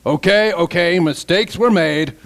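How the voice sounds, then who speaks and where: A man's voice: high-pitched, measured pace, creaky, pitched above the performer's own voice. A man voicing a raised, wisecracking robot puppet. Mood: flustered. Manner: snappy, sarcastic quips. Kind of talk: voice-over for a puppet comedy.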